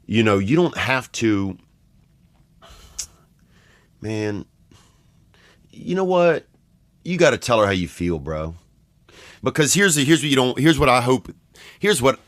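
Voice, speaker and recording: Rambling Southern man, low dry voice. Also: dry recording. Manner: rambling, restarts sentences, slangy asides. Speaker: podcast host. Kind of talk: comedic storytelling.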